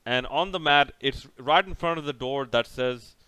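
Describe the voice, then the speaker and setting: A man's voice: medium pitch, normal speed, bright, forceful tone, smooth, no room sound. Man giving a sarcastic match recap. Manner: sarcastic, rambling with restarts. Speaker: cricket reviewer.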